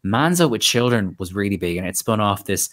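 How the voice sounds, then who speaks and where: Guy rambling casually on a podcast, lots of asides. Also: fairly low pitch. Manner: chatty, quick asides, lively impressions. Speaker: podcast guest.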